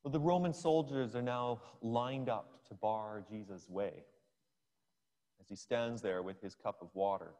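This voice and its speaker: A man's voice: fairly low pitch, a little slow, dark tone. A male preacher giving a sermon, retelling a scripture scene as a story for his listeners. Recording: long hall reverb.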